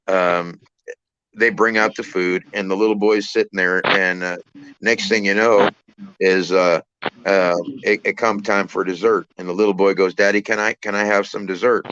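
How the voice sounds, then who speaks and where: A man telling a personal story in a casual, halting way, repeating words and using many fillers. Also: deep voice, little pitch movement, dull audio, background noise. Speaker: trucker channel host.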